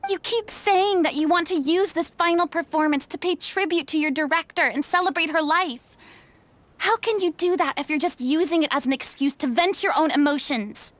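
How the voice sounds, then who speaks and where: Game role: woman as stern young diva, high voice, scolding but kind. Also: moderate pace, natural voice. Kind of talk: game voice acting. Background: game music.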